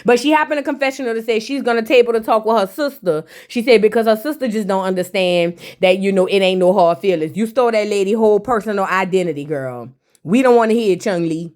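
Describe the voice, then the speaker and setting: A woman's voice: medium pitch, fast talker, darkish tone. A woman recapping a reality show in casual, slangy talk, teasing her viewers with sassy asides.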